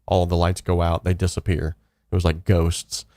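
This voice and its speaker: A deep, mellow-voiced young man rambles through a casual live stream from his home studio, with lots of fillers and restarts. The sound is dry and close, with no room around it. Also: completely flat delivery, moderate pace, no room sound. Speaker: host.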